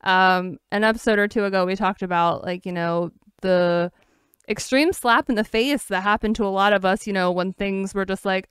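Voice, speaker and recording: A young woman co-hosting a podcast, rambling in casual chat with many fillers and animated quoted asides. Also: mid-range voice, normal speed, smooth, no echo, studio quality. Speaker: podcast co-host.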